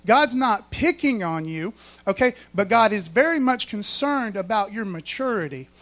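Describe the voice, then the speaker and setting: A man's voice: high-pitched, lively intonation, normal speed, fairly bright tone. A male preacher, preaching a folksy sermon in church and often asking the congregation if they follow.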